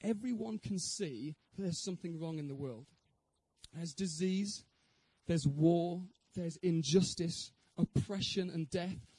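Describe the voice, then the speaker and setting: A man's voice: a little high, slow, dark tone, husky, no echo, low-quality recording. A man giving an evangelistic talk with his personal testimony, earnest and posing questions to the audience. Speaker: speaker giving a Christian talk.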